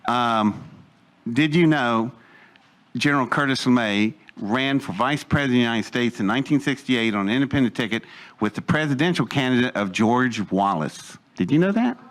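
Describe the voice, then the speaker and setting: With a medium-pitched, fairly bright voice and lively intonation, an older man speaks at normal speed, holding a live audience with an anecdotal account of his life. He drifts into digressions, backtracks to fill in missing pieces, and laughs at his own side comments in a loose, unpolished way.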